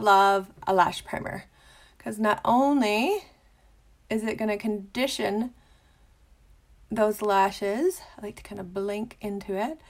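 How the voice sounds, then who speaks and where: A young adult woman hosting a casual makeup tutorial, bubbly and chatty, sometimes dropping into a soft whisper. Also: medium pitch.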